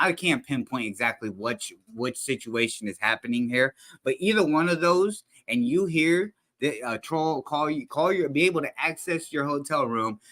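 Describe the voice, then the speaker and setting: A man's voice: medium pitch, bright, forceful tone. A man streaming a reaction to a clip, talking in loose, slangy, profane commentary. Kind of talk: casual commentary.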